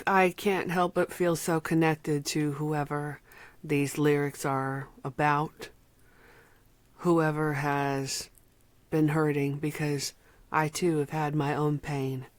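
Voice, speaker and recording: A woman reviewing an album, speaking from the heart and close to tears, sometimes dropping to a soft whisper. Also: low-pitched, steady tone, takes it slowly, no echo. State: emotional, near tears. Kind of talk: emotional personal vlog talk.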